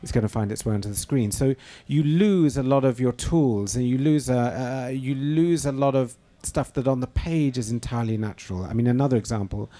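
A man's voice: mid-range voice, brisk, few pauses, dark tone. A middle-aged man, a novelist and screenwriter, answering interview questions thoughtfully, with frequent fillers and restarts.

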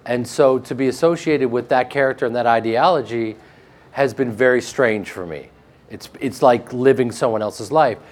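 A man with a flat Midwestern American accent, a guest actor telling joking stories in a casual interview. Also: medium pitch, moderate pace. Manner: joking, animated storytelling with laughs.

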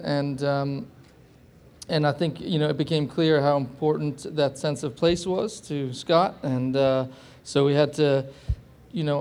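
A man's voice: a little high, a little mellow, smooth. A male actor answering an interview question hesitantly, with lots of fillers and hedging.

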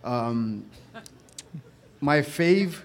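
Halting man asking an audience question. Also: medium pitch, animated.

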